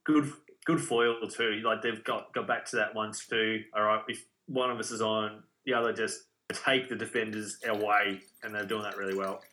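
A man's voice: on the low side, moderate pace. An Australian man co-hosting a casual podcast, analysing football in a loose, filler-heavy way. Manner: relaxed footy analysis, many fillers. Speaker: podcast co-host. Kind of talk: casual chat.

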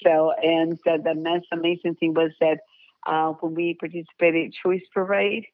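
A low, fairly flat-pitched woman's voice at normal speed belongs to an older folk dance director. On a casual radio interview she proudly spins long, warm, meandering stories. The recording is a dry, tinny phone line.

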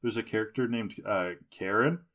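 A man's voice: lowish voice, normal speed, fairly bright tone. A man co-hosting a casual podcast, joking, mocking and laughing often as he talks. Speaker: podcast co-host.

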